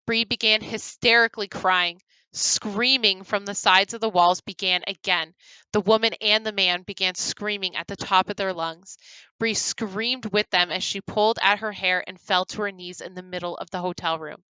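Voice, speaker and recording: A woman reading her own horror story aloud, turning hushed and grave in the dark passages. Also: medium pitch, steady tone, normal speed, smooth, dry recording, rough recording. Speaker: horror story writer and reader.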